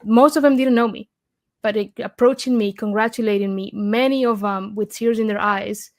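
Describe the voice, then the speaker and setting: Woman guest, Argentine accent, eager storyteller, middle pitch, lots of ums and restarts. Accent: Argentine Spanish. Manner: eager, many restarts and fillers. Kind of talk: interview storytelling.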